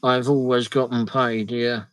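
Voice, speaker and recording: A man's voice: mid-range voice, level tone, unhurried, clean tone, no room sound, poor audio. A man chatting casually on a live stream, reading out viewer comments with muttered asides. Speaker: livestream host. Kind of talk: casual live chat while travelling. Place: in a vehicle on the road.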